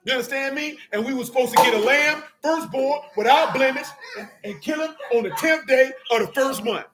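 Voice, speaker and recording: A middle-aged man preaching a fiery sermon in street slang, scolding and sometimes shouting. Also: extremely high pitch, brisk, background noise.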